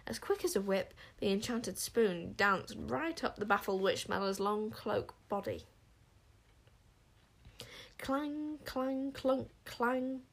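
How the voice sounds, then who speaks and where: A woman reads a children's storybook aloud with a mid-range voice. Her delivery is lively and expressive, and her pitch leaps when the story gets exciting. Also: takes it slowly, gravelly. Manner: lively, voices the characters with big pitch jumps. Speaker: audiobook narrator. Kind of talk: storybook reading.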